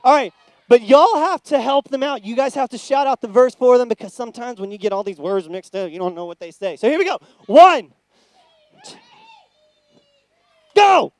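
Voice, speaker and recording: A man teaching a lively Bible lesson to young children in church, playful and excitable. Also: extremely high pitch, normal speed, long pauses, dry recording. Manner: excitable, playful, loud cheers.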